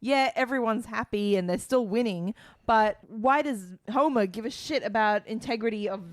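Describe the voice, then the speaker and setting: A woman's voice: fairly high pitch, normal speed, no echo. A woman on a podcast panel chatting casually about cartoon episodes, asking questions as she builds her point. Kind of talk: casual chat reviewing episodes.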